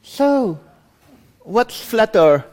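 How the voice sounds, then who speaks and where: A man with a Spanish accent, his voice pitched notably high, presents to a conference room at an unhurried pace. He keeps it loose and self-deprecating, chatting with the audience between points. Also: very animated, a little mellow. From Spain. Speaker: conference speaker. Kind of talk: improvised hands-on lab introduction.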